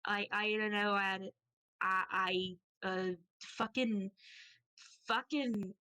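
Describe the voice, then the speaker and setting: A woman's voice: mid-range voice, steady tone, slow pace, sharp tone, smooth. A woman narrating her moves in a tabletop game, giggly, swearing often and teasing herself. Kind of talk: casual tabletop play narration.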